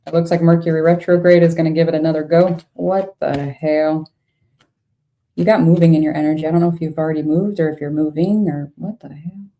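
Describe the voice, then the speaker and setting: Reading tarot casually for the camera, a young adult woman sounds blunt and fed up, cursing openly at the cards. She speaks a little fast in a low, mellow voice with a steady tone.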